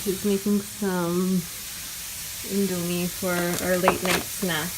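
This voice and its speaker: A woman's voice: fairly low pitch, little pitch movement, takes it slowly. A young woman narrating a casual weekend vlog on a handheld camera, chatty, with laughs and many fillers. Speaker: vlogger. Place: outdoors by a mountain lake, later a hotel room. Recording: loud outdoor background noise.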